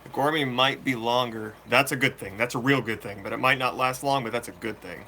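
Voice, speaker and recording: A man hosting a fishkeeping channel, chatting casually and answering viewer questions live in a relaxed, slangy way. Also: medium pitch, fairly quick, a little hiss or hum. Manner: laid-back, slangy, chatty. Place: room full of fish tanks.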